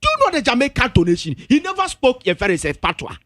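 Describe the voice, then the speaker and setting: Ghanaian man, high voice, swooping lively delivery, emphatic radio debate, dry studio mic. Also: quick pace, no room sound. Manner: emphatic, insistent, repeats himself to hold the floor. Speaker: radio studio guest, music pundit. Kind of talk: heated entertainment-show debate.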